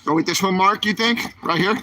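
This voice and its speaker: A man's voice: high voice, fairly quick, sharp tone, a little hiss or hum. A man, streaming while he walks the aisles of a store, chatting and asking his viewers questions. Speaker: vlogger. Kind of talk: livestream vlog while shopping.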